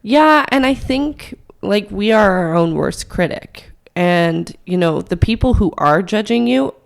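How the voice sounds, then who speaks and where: A young woman co-hosting a podcast, hoarse from hay fever, with a raspy voice, chatting frankly and laughing often. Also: mid-range voice, expressive, measured pace. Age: young adult. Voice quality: raspy, gravelly. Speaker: podcast co-host. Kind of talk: casual chat.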